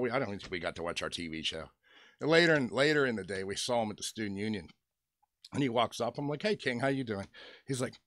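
A man's voice: medium pitch, fairly bright tone. A middle-aged man from western Pennsylvania rambling through a joking story at home, chuckling as he talks. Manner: chatty, joking, chuckles between stories. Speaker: toy customizer vlogger. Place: at home with his dog nearby.

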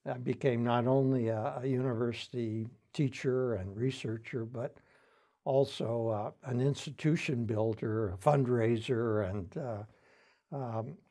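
Older man, mellow, reminiscing. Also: medium pitch, fairly even intonation, measured pace. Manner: reflective storytelling with frequent fillers. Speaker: interviewee, founding center director. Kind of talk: oral history interview.

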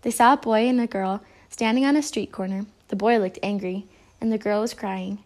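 A woman's voice: medium pitch, steady tone, moderate pace, a little mellow. Woman reading a children's storybook. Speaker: storybook reader. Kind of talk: read-aloud children's story.

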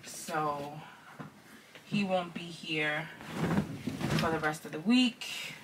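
Speaking extremely slowly in a low-pitched voice, a woman in her thirties who stays home with her kids chats to camera in a casual home vlog. She rambles with slangy talk and whispers now and then as she does chores. Background noise is present.

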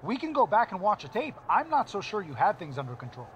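A slick, scheming wrestling manager, talking in a high, lively voice that swoops up and down. He coaxes and reassures with a smooth, persuasive manner. A faint hum of game background noise sits behind him. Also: quick pace, muffled recording, full character voice. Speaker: game character.

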